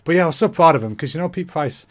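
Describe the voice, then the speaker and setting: A young man, hosting a comedy podcast in a rambling, self-mocking monologue, talking quickly. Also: a little high, lively intonation.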